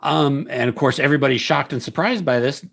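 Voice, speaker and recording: A man's voice: medium pitch, brisk, creaky, a bit bright. A man hosting a solo tabletop wrestling game, commenting in a jokey ring-announcer style and often chuckling and correcting himself.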